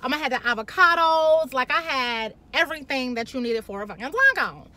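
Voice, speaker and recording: Woman, vlogger, high bright voice, brash and profane, candid storytelling. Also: brisk. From Chicago. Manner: blunt, profane, animated.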